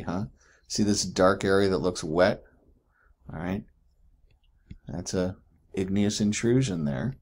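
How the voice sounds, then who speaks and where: A man's voice: low-pitched, a little mellow. A man teaching geology in a chatty recorded lecture, often asking "right?" and correcting himself as he goes.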